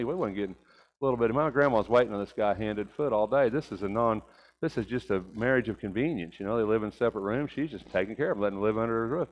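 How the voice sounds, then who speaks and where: A man's voice: medium pitch, expressive, fast, lo-fi sound. An older man preaching a Sunday sermon, telling folksy stories and rising to emphatic points.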